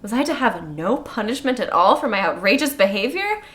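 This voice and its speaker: A woman's voice: on the high side, big pitch swings, fairly quick, fairly bright tone. A woman co-hosting a casual book club read-along, reading passages aloud and jumping into playful character voices. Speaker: podcast co-host.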